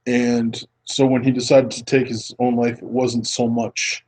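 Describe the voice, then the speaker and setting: A man's voice: medium pitch, level tone, measured pace, darkish tone, a little hiss or hum, low-quality recording. A man hosting a casual film podcast, rambling and earnest, often restarting his sentences. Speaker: podcast host.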